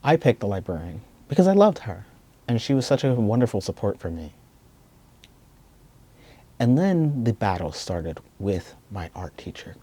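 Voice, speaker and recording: A man telling a personal story in a reflective, soft-spoken and earnest way. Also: on the low side, very animated, moderate pace, pauses often, slightly rough. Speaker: video essayist.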